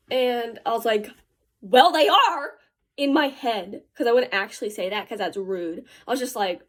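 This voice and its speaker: A teenage girl telling a rambling story in a casual, chatty way while she does her makeup, with slangy asides. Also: a little high. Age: teens. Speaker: vlogger.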